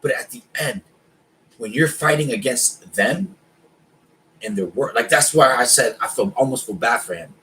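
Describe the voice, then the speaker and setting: A man's voice: medium pitch, animated, moderate pace, bright, forceful tone, a little hiss or hum, low-quality recording. A man co-hosting a casual chat who talks in an emphatic, opinionated way and says man and bro a lot. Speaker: podcast co-host.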